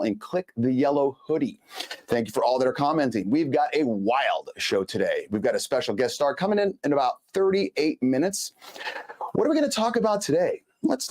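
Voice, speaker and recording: A man's voice: mid-range voice, darkish tone. A man in his forties from Los Angeles, hosting a live show with a chatty, emphatic monologue that speaks straight to viewers. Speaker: host.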